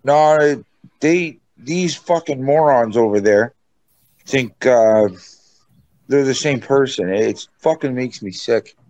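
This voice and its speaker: A man on a live stream heard in a played clip, angry, defensive and swearing. His pitch is middle for a man. The sound is dry and close. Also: slow pace, darkish tone, no room sound.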